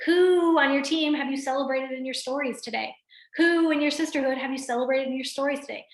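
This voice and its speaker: A woman's voice: high voice, fairly quick, echoey room. A woman leading a motivational team training on a video call, talking energetically and checking in with her listeners. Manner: energetic, addresses listeners directly with frequent "right?". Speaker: team coach.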